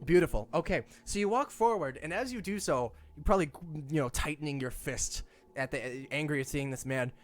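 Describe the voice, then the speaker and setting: A man's voice: fairly high pitch, brisk. A man running a tabletop game as game master, narrating and laughing often.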